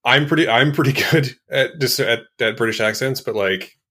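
A man's voice: mid-range voice, normal speed, sharp tone. A man co-hosting a podcast in casual chat, rambling a little and joking at his own expense. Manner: rambling, self-deprecating, chuckles at his own jokes. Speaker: podcast co-host.

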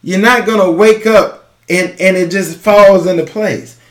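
Guy doing a motivational podcast talk, really urgent, hammers the same phrases, slow, kinda high voice. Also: steady tone, roomy sound. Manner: urgent, emphatic, repeats key phrases. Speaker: podcast host and business coach.

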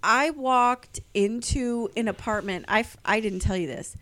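A woman's voice: a little high, unhurried, a bit bright. A woman in casual chat, telling stories animatedly and acting out the voices of people she quotes.

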